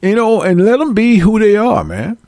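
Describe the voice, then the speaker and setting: Male vlogger, gravelly voice, dry close sound, animated profane comedic rant. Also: high voice, moderate pace, no room sound. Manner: animated, profane, laughing between lines.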